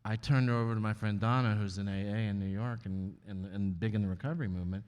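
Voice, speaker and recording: A male comedian as guest in a live on-stage conversation, talking candidly and wryly, often halting and restarting. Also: fairly low pitch, steady tone, darkish tone, big-room sound. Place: stage at an arts venue before an audience.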